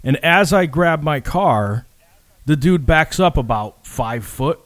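A man's voice: on the high side, slow pace, no room sound. Profane, rambling man telling a story. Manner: profane, rambling, animated retelling. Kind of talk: casual chat.

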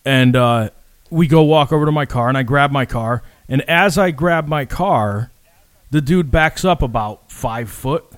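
Cursing liberally and voicing the people in his tale, this man spins a story as a podcast co-host in relaxed conversation. He's animated and profane, speaking at a medium pitch and an unhurried pace, with no echo.

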